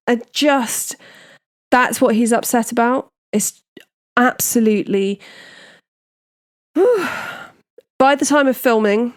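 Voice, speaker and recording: A woman's voice: a little high, takes it slowly, long pauses. A woman hosting a true crime podcast, recapping a case in a casual, indignant, opinionated way.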